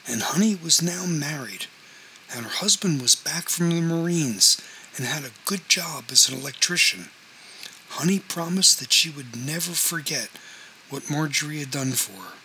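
A man narrating a novel as scripted audiobook reading, in a measured, even storytelling manner. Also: a little high, slight background noise, poor audio.

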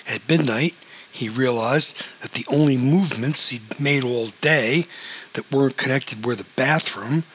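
A man narrating a novel in a steady, matter-of-fact storytelling manner. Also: mid-range voice, a little hiss or hum, poor audio. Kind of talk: audiobook fiction reading.

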